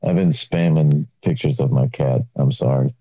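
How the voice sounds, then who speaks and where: A man guesting on a podcast, joking around in relaxed casual chat. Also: very deep voice, moderate pace, husky, highs cut off. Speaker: guest band member.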